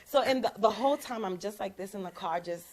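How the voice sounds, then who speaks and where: A young woman host telling a personal story in casual chat, acting out the quoted lines with lively emphasis. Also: mid-range voice, fairly quick. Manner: animated, acts out quoted lines. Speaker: prophetess and show host.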